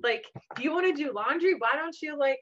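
Chatty mother with a high voice. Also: fairly quick, a crowd in the background. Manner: lively storyteller, lots of fillers, swears casually. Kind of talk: casual spiritual chat. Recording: dull lo-fi sound.

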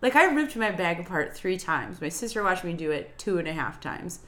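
A young woman co-hosting a podcast, telling a travel story in an animated, chatty way with bursts of laughter. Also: fairly low pitch, fairly quick. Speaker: podcast co-host. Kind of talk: casual chat, storytelling.

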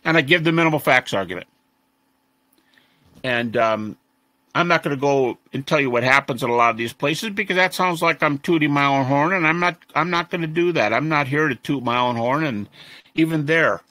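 A man being interviewed as a scholar, telling stories in a lively conversational way and mimicking the people he quotes. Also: on the high side, normal speed, no echo. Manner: animated, mimics the voices of students he quotes. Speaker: interview guest, resurrection scholar. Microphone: audio-only interview recording.

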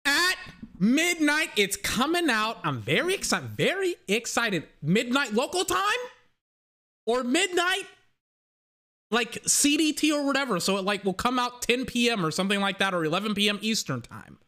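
A young man hosting a casual solo podcast, rambling excitedly and swearing casually. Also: extremely high pitch, normal speed. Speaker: podcast host.

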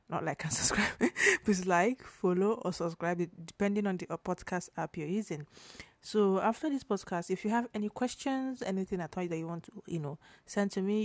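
A young woman from Nigeria hosting her own podcast, slightly hoarse, talking in a rambling, chatty way with fillers and self-corrections. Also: medium pitch, darkish tone, dry recording. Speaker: podcast host. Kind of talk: casual solo podcast talk.

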